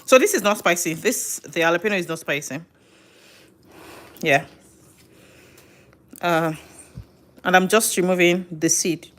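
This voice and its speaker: A woman's voice: lowish voice, unhurried, long pauses, a bit bright. A middle-aged woman chatting casually while cooking live at home, thinking aloud and correcting herself as she goes. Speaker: home cook and live streamer. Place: home kitchen.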